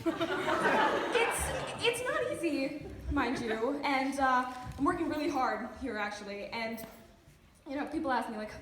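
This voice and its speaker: A woman's voice: high voice, expressive, a little slow, noisy background. A nineteen-year-old woman performing a stand-up routine on a theatre stage, with dry, ironic mock outrage. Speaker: stand-up comedian. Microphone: camera in the audience. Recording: echoey theatre, loud audience laughter.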